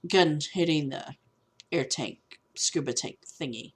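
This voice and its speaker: A woman's voice: low-pitched, slow pace, breathy edge. A woman, chatting casually at home in a video blog, candid and easily sidetracked. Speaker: vlogger. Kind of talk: casual chat. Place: at home with a cat.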